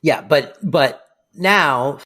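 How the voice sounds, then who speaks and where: A man's voice: fairly high pitch, extremely slow, sharp tone. A man co-hosting a podcast, recapping a sitcom episode in an easygoing chat with hesitations and laughs. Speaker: podcast co-host.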